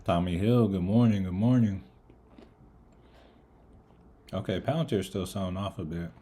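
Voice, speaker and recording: A man's voice: deep voice, fairly quick, dark tone, breathy edge. A man giving casual live market commentary, eating as he talks and greeting viewers in the chat by name. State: eating, mouth full of food. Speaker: livestream trader.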